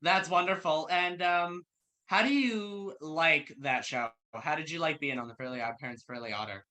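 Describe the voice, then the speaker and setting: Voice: medium pitch, moderate pace, pushed and bright. An interview host asking questions in a friendly, encouraging way, with short affirmations.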